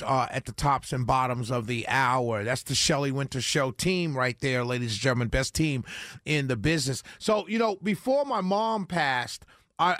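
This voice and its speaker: Male talk radio host, high voice, emphatic, rambling, studio mic. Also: fairly bright tone, dry recording. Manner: emphatic, rambling, speaks straight to listeners. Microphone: studio broadcast mic.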